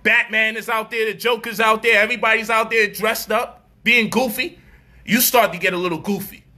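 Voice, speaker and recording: A man delivering an animated, profane street-style commentary monologue, mocking people and acting out their voices. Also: high voice, normal speed.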